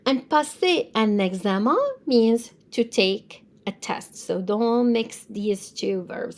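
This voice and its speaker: Woman, language teacher, slow, gravelly, spells and repeats words. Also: mid-range voice, a little mellow. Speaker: French teacher. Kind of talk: vocabulary lesson.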